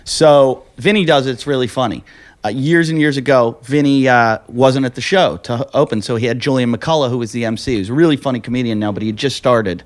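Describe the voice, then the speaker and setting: A man's voice: medium pitch, a little fast. Man telling a comedy-club story. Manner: animated, acts out quoted voices. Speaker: podcast host. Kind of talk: casual storytelling.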